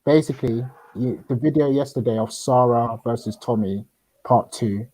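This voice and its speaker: A young man chatting casually in an online panel, laid-back and jokey, with trailing pauses. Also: medium pitch, mellow, slightly rough, rough recording. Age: young adult. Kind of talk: casual online group chat.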